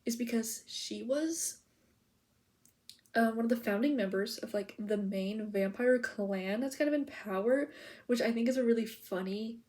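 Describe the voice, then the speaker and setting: A woman's voice: a little high, unhurried, a little mellow. A woman vlogger chatting casually to the camera, rambling and giggly, full of "like" and "okay?" as she info-dumps. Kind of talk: casual POV chat to camera.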